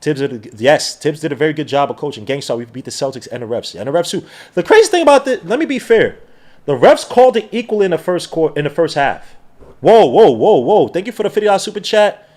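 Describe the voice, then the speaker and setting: A man hosts a live basketball watch-along, talking fast and slangy like an excited fan. His voice sits high and swings up and down a lot. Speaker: podcast host.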